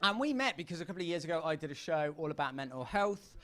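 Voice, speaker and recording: A young man doing a stand-up routine on a comedy club stage, rambling and self-deprecating with quick asides to the crowd. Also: on the high side, big pitch swings, fairly bright tone. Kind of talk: stand-up routine to a live audience.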